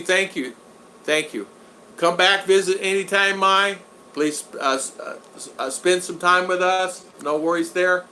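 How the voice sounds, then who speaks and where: Bright-voiced man hosting a live stream. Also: fairly high pitch, slight background noise. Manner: halting, repeats words, many thank-yous. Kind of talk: casual chat reading out viewer comments.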